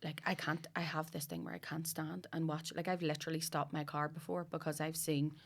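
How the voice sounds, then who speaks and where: A woman's voice: low voice, level tone, brisk. A woman with a Northern Irish accent telling stories in casual podcast chat, swearing freely and laughing often.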